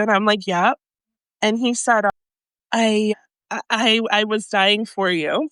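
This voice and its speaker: A woman's voice: on the high side, a little slow, no room sound. A woman in her forties co-hosting a podcast, telling a story with lots of laughter and acting out each line of dialogue. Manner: animated storytelling, laughs often, acts out dialogue. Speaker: podcast co-host. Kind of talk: casual chat.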